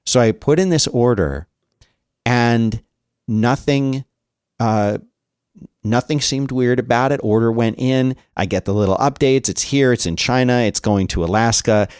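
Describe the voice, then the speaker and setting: A man of ordinary pitch tells a meandering story in relaxed podcast chat. He fills his sentences with "like" and "uh" and restarts often. The sound is dry and close, with no room around it. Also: measured pace, smooth, dry recording. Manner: rambling storyteller with many fillers. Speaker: podcast co-host. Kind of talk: casual chat.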